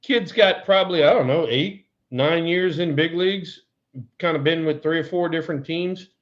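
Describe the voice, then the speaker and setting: Male co-host, animated storyteller, a bit high-pitched, muffled low-fi audio. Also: normal speed. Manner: animated storyteller, laughs often. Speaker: co-host, former ballplayer. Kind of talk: casual baseball chat.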